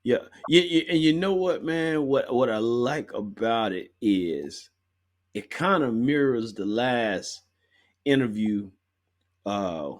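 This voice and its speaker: Lively slangy podcast host, man. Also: medium pitch, slow pace. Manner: emphatic, slangy, lots of bruh. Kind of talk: casual chat.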